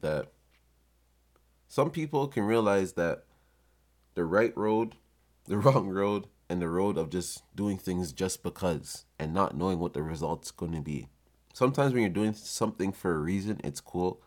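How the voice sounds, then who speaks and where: A man hosting a podcast, telling a story in a swaggering, profane, unhurried way. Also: low-pitched, a little mellow. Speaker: podcast host. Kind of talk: casual storytelling.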